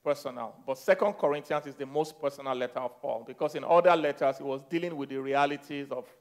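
A man preaching a sermon as pastor, repeating phrases, leading the congregation in declarations and swinging from soft teaching to loud exhortation. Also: mid-range voice, quick pace. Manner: repeats phrases and leads call-and-response declarations.

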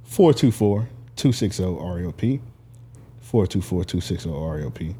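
A man co-hosts a casual podcast and tells an animated story, acting out what people said with plenty of laughter. His voice is low and a little husky. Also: unhurried. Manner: animated storytelling, laughs often, acts out quotes. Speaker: podcast co-host. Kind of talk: casual chat.

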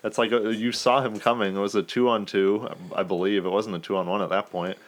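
Male co-host, lower voice, rambling frustrated hockey takes, casual. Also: flat delivery, brisk. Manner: rambling, exasperated opinions. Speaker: podcast co-host. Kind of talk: casual sports chat.

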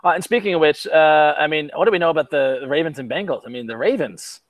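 A man's voice: a little high, quick pace, no echo. A man hosting a casual sports podcast, talking chattily with frequent restarts and easy laughs. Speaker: podcast host.

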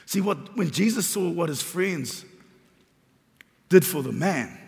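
A man's voice: sits high, expressive, takes it slowly, gravelly, a little mellow. A man preaching a sermon as pastor, repeating phrases and building emphasis. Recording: long reverb of a large hall.

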